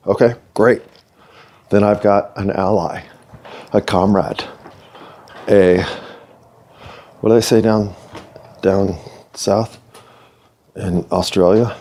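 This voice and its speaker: A man's voice: on the low side, fairly even intonation, takes it slowly, pauses often, warm tone. An American man hosting a solo podcast, talking in a rambling, philosophical, self-deprecating way. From United States. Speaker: podcast host. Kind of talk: reflective solo monologue.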